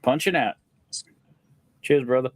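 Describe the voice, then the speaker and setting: A man's voice: mid-range voice, a little slow, no room sound. A man hosting a casual livestream chat in a playful, joking way, greeting viewers between questions. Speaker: host.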